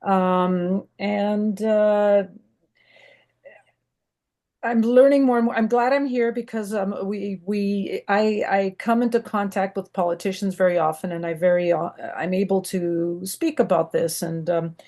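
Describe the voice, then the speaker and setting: A woman's voice: mid-range voice, fairly even intonation, a little slow, warm tone. An American woman asking a long, rambling question on a video call, enthusiastic and full of fillers. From United States. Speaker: audience member asking a question. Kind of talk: online Q&A question.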